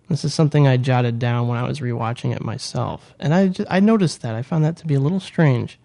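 A man's voice: mid-range voice, a little fast, vocal fry, hardly any pauses, dark tone. A man co-hosting a podcast, chatting casually with an enthusiastic, jokey, slightly rambling manner. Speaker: podcast co-host. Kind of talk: casual chat.

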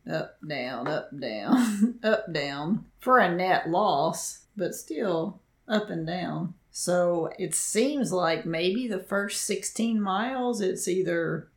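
A woman's voice: on the low side, animated, slow pace, reverberant. A woman co-hosting a running podcast, chatting and teasing, often laughing. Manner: giggly, teasing. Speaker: podcast co-host. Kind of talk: casual chat.

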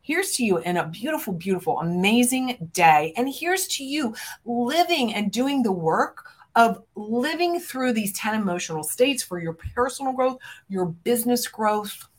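A woman's slightly high voice, with lively intonation and a somewhat slow pace, carries fervent motivational talk. She's a podcast host and business coach who speaks directly to listeners as friends, making emphatic, punchy declarations that rise and fall sharply in loudness.

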